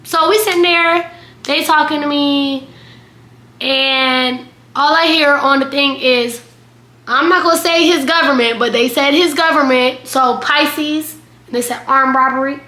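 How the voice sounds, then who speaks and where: Young woman vlogging a crazy storytime, bright sharp voice, roomy echo. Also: sits high, measured pace. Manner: animated, dramatic storytelling with quoted voices. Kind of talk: storytime vlog.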